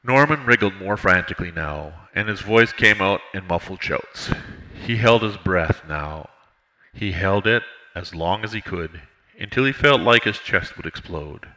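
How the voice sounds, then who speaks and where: A man narrating an audiobook in a measured, steady reading. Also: low-pitched, poor audio.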